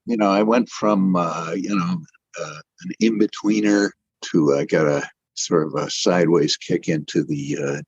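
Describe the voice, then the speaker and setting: A man's voice: low-pitched, gravelly, breathy edge, no room sound, highs cut off. An older man telling his career story in a rambling, self-deprecating way, often restarting his sentences. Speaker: interview guest, animator. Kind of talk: casual storytelling.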